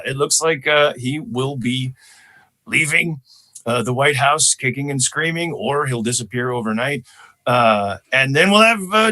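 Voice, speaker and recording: A man from Chicago with an American accent, a comedian talking as a podcast guest, animated and quick to slip into impressions. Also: mid-range voice. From Chicago, USA. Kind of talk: podcast conversation.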